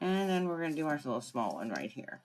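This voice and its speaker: A woman's voice: low-pitched, very animated, fast, darkish tone, a little hiss or hum. A woman running a live crafting tutorial, chatting through each step and greeting viewers by name. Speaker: craft demonstrator.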